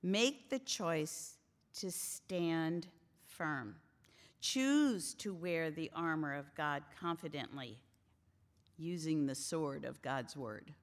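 A woman's voice: low-pitched, slow. A woman teaching a Bible study to a group of women, earnest and emphatic as she preaches. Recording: long hall reverb.

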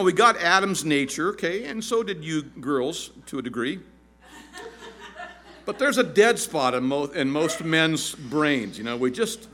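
A pastor in his fifties preaches with animation and humor, using a shrill voice to act out quotations.

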